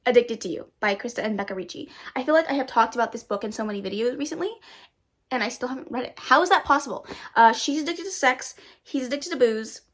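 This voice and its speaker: A young woman, chatting casually and excitedly to her viewers about books she plans to read. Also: a little high, fast talker. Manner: bubbly, self-hyping, talks to viewers directly. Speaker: booktuber. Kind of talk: casual chat.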